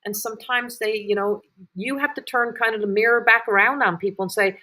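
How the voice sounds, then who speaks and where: A woman's voice: mid-range voice, steady tone, moderate pace, pushed and bright. A woman hosting live intuitive readings, talking in a rambling, repetitive way with many fillers and restarts. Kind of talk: live-streamed psychic reading.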